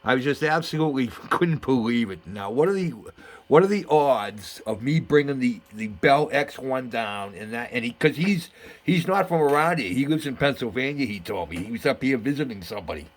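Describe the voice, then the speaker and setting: Chatty excited man telling a story. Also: medium pitch, normal speed. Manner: chatty, excitable, lots of fillers and restarts. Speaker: model building channel host. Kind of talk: casual vlog storytelling.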